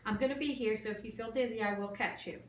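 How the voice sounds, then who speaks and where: A nursing student, a woman with a slightly high voice who talks fast, performs a clinical exam and explains each step to the patient, sometimes tripping over medical terms. The room is echoey, the mic is far off, and there is slight background noise.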